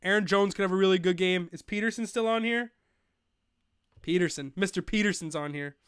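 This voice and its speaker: On a studio-quality recording with no room sound, a young man talks fairly quickly in a smooth, high voice. He's running a live fantasy football show, chatting casually, getting excited, swearing and ranting when frustrated.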